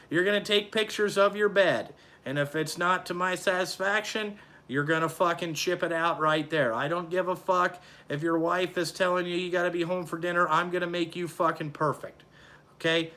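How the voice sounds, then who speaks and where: A man's voice: fairly high pitch, bright, forceful tone. Profane ranting trucking boss man. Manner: blunt, heavily profane, ranting. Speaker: trucking company owner. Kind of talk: profane casual vlog rant.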